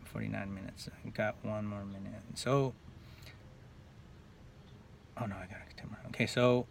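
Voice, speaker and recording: A Northern California vlogger with a lowish, creaky voice rambles through a profane personal story at a moderate pace, his intonation fairly even. His casual monologue is full of "like" and restarts, picked up by a distant mic with faint background noise.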